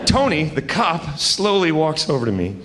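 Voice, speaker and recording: A man doing stand-up comedy on a theater stage, telling an animated story and acting out the people in it. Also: fairly high pitch, moderate pace. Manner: animated, acts out characters in his story. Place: large theater stage with live audience. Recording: live hall with loud crowd noise.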